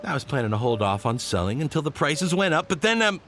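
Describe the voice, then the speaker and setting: An actor voicing a nervous, evasive island trader in a video game who stammers and laughs nervously. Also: male voice, sits high, big pitch swings, brisk, pushed and bright, full character voice. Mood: flustered.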